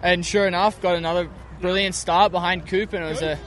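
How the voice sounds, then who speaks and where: A man's voice: sits high, steady tone, fairly quick. A young man, a motocross racer, talking through his races in a rambling, upbeat way outdoors at a track. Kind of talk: post-race interview.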